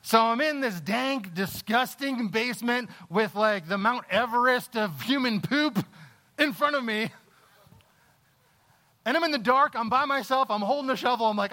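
A man preaching a sermon, telling a personal story with halting restarts, lively in the telling and quiet in reflection. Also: very high voice. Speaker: pastor.

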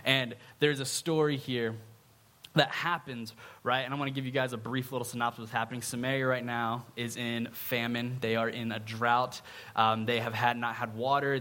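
A man's voice: mid-range voice, a bit bright. A man preaching a casual sermon in a conversational way, often checking in with his listeners. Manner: conversational, often adds a questioning "right?".

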